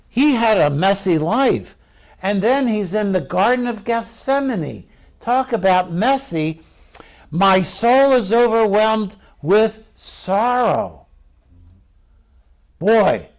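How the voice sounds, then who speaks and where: A middle-aged male pastor preaching a sermon in a conversational way, asking the congregation questions. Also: sits high.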